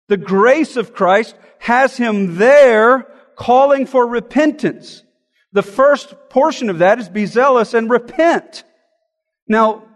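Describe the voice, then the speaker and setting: A man's voice: extremely high pitch, long reverb tail. A man, a pastor, preaching a sermon in an earnest, emphatic way, often asking rhetorical questions.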